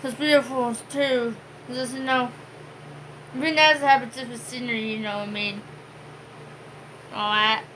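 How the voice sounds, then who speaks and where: A woman's voice: fairly high pitch, steady tone, normal speed, pauses often, fairly bright tone, slight background noise, poor audio. A woman co-hosting a home vlog, chatting casually and rambling with many fillers. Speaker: vlog co-host. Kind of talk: casual chat.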